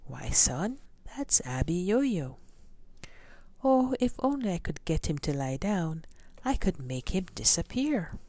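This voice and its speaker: A woman voicing a worried grown magician father in a read-aloud storybook, speaking gently. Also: fairly low pitch, big pitch swings, takes it slowly, no echo, voice pushed up, exaggerated voice.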